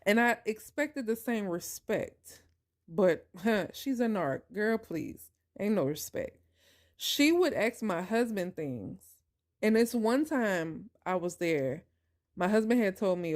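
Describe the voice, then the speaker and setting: A woman hosting a podcast, telling a personal story in an emphatic, animated way and talking straight to her listeners. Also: medium pitch, slow. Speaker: podcast host.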